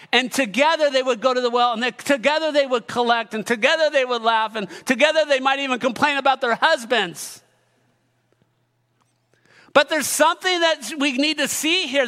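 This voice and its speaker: A man's voice: extremely high pitch, pushed and bright, big-room sound. A male pastor preaching a sermon in a church, emphatic and often calling out to the congregation.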